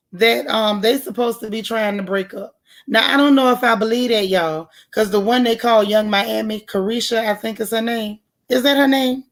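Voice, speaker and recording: A woman hosting a live gossip show, chatting casually and greeting viewers one by one in a folksy way. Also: a little high. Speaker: livestream gossip show host.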